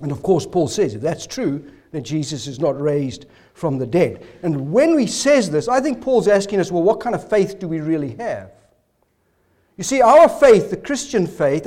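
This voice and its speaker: A man preaching a sermon with rhetorical questions, hoarse, his voice failing and breaking into coughs. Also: high voice, a little mellow. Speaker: pastor.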